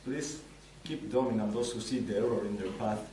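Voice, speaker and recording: A man playing Alquist, a calm, reflective builder, in an amateur stage play, speaking with some hesitation. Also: fairly low pitch, brisk, lightly acted. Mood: earnest. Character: calm, pious middle-aged male builder Alquist. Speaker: student actor in a stage play. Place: stage or classroom. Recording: echoey room, far from mic, faint noise.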